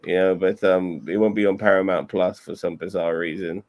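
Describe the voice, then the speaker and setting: Male co-host, lowish voice, halting casual talk. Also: flat delivery, darkish tone. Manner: hesitant, repeats words, laughs often. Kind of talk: casual chat.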